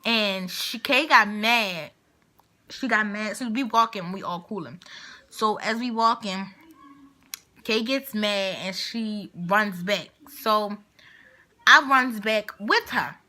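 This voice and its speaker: A woman's voice: medium pitch, slow. A young woman vlogger telling a story in casual, slangy talk, acting out what each person said. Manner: animated, acts out quotes of people in the story. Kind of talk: storytime vlog, casual retelling.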